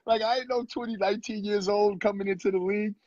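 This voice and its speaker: A man in his thirties, a former pro basketball player and guest, telling animated stories in casual talk and acting out quotes. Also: sits high, fast talker. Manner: animated storyteller who acts out quotes. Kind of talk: casual storytelling interview. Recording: muffled lo-fi audio, husky.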